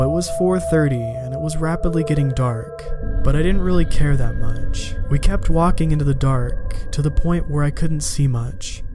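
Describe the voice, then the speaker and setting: A man telling a first-person horror story in a steady, measured reading. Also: medium pitch. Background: music.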